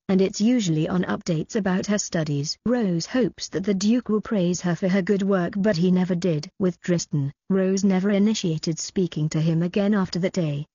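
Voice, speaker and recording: A woman narrating an audiobook in a quick, even storytelling manner. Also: medium pitch, breathy edge, no echo, highs cut off. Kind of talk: scripted narration.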